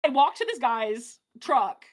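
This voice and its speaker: A woman telling a story in casual chat on a live stream, animated, with many fillers and restarts. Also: sits high, unhurried. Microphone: streaming mic.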